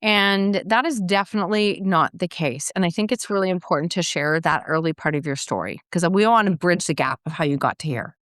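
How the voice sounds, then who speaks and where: Smooth-voiced woman podcast host. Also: on the low side, fairly quick, few pauses, a bit bright, no room sound, studio quality. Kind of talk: casual interview conversation.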